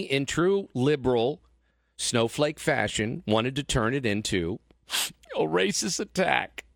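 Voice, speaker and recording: A man's voice: medium pitch, a bit bright, dry recording. A man hosting a talk radio show, delivering an opinionated, sarcastic monologue into a studio microphone. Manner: sarcastic, mocking.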